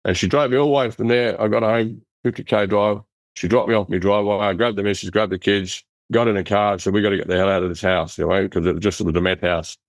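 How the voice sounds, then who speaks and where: A middle-aged Australian man telling his life story in an interview, in a rough, blunt, animated way, acting out the voices of people he quotes. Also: fairly low pitch, fast talker, no echo. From Western Australia. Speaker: interview guest. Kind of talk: casual storytelling.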